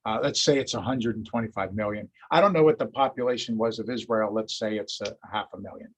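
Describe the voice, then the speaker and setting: A man's voice: lowish voice, brisk, pitched below the performer's own voice, lightly acted. A man voicing a formal, dryly teasing older male statesman and scientist, close to his own voice.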